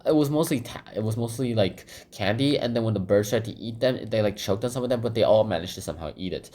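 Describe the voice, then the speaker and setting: This man talks fast in a lowish, warm voice, loosely recapping a children's book while he draws. He rambles with plenty of filler words and repeated phrases, returning over and over to "goes ahead."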